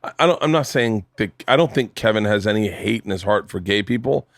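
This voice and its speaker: An American man hosting a podcast, chatting casually in a rambling, halting way, full of "like.". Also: fairly low pitch, animated, no room sound, clean studio sound. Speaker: podcast host.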